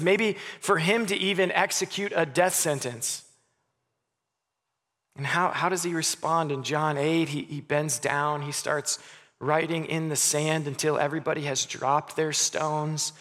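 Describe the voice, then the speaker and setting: A man in his thirties preaching a sermon as a pastor. He speaks earnestly, stumbles on restarts, and drops soft and quiet on key words. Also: fairly high pitch. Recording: long reverb of a hall.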